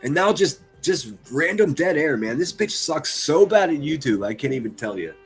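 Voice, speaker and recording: A male streamer riffing with crude, sarcastic mockery, his pitch swinging up and down as he talks. Faint music plays under his voice. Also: sing-song, moderate pace, husky. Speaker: commentary streamer host. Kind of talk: livestream reaction commentary.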